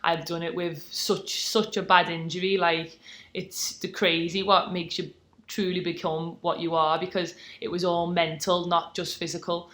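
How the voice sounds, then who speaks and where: A woman's voice: lowish voice, level tone, moderate pace, fairly bright tone. A British woman in her twenties, a sportswoman telling her story in a casual podcast interview, chatty and full of fillers. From Britain. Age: 20s. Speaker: guest, taekwondo athlete.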